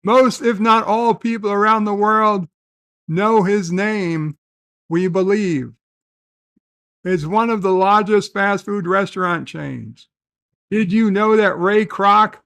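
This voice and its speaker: A man's voice: high voice, a bit bright, no room sound. A man hosting a casual live stream, reading viewer comments aloud and rambling, often stopping to correct himself. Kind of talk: casual chat.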